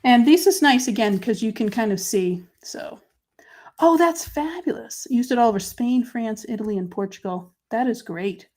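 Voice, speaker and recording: A woman hosting a live crafting show, chatting with viewers and talking through each step, her voice dropping to quiet murmurs while she writes. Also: on the high side, animated, moderate pace. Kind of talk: live crafting chat, answering viewer comments.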